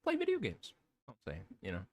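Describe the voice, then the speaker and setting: A man's voice: medium pitch, fairly quick. A man co-hosting a podcast, chatting casually and telling stories with lots of laughter and swearing. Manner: animated, laughing, swearing storyteller. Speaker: podcast co-host. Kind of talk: casual chat.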